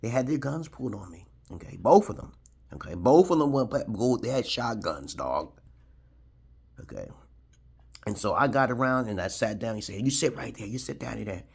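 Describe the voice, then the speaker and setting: Gravelly low-voiced man rambling on. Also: very animated, normal speed, darkish tone. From Brooklyn, New York, USA. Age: 40s. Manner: rambling, keeps adding "okay?", chuckles. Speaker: video blogger. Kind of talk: rambling storytelling monologue.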